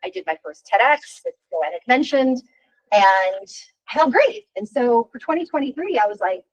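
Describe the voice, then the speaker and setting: A woman's voice: fairly high pitch, moderate pace, rough recording. A woman in her fifties coaching a workshop, talking frankly and chattily and often tossing in a rhetorical "right?". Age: 50s. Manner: frank and animated. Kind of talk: workshop talk.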